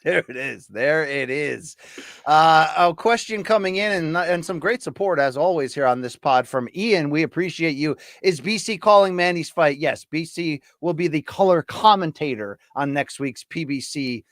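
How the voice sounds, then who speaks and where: A man's voice: fairly high pitch, normal speed, few pauses, no room sound, clean studio sound. A man hosting a casual boxing podcast, chatting loosely and reading listener comments aloud. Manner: lively, reads audience comments aloud. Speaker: podcast host.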